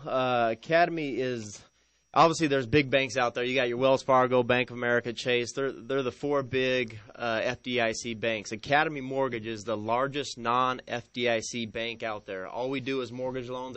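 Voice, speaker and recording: A man's voice: mid-range voice, fairly even intonation, normal speed, fairly bright tone, dry recording. A man appearing as a guest on a radio show, friendly and hesitant, with lots of ums. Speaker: guest mortgage lender. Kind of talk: radio interview. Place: radio studio.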